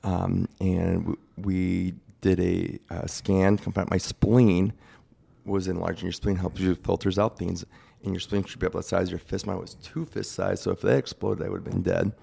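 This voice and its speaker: A man's voice: low voice, level tone, moderate pace, creaky, mellow, breathy edge. A man in his forties telling a personal story in a plain-spoken, rambling way during a casual chat. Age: 40s.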